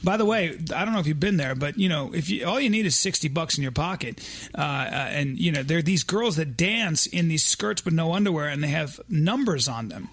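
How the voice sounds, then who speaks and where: A man's voice: fairly high pitch, a little fast. A middle-aged man, a comedian guest, telling stories animatedly in casual chat. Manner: animated storyteller, restarts and fillers.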